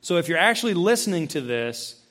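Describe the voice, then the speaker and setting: Very animated and brisk, a pastor delivers his sermon into a close mic, questioning the congregation and acting out the voices he quotes. He swings between loud, high emphasis and hushed, low intensity.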